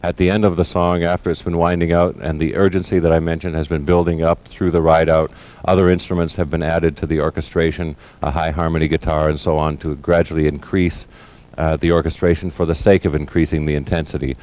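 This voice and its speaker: A middle-aged man in a recording studio, explaining drum fills in a measured, thoughtful way. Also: very deep voice, little pitch movement, a little mellow. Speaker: drummer giving a lesson. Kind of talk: instructional explanation.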